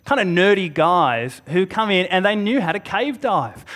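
A man delivers a sermon in a fairly high voice. He speaks earnestly, leans on pauses for emphasis, and now and then restarts a phrase as he goes. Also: lively intonation, a bit bright. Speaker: preacher. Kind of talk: Good Friday sermon.

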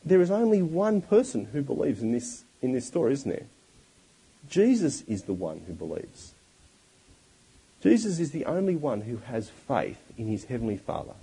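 Husky, animated man preaching a sermon. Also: medium pitch, rough recording. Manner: expressive, with rhetorical questions.

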